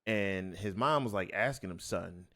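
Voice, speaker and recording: In a podcast studio, a male co-host tells casual stories with animation, acting out what the people in them said. He speaks in a low voice at a moderate pace.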